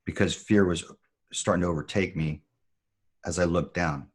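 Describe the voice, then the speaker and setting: Male podcast guest, former Marine, deep voice, measured storyteller. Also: husky. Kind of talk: storytelling in conversation.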